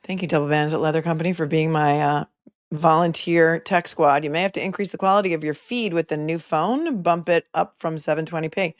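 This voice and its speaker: A woman's voice: low voice, brisk, no echo, clean studio sound. A woman hosting a casual livestream, chatting with viewers and making wry asides while she waits, talking into a phone. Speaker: livestream host. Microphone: phone microphone.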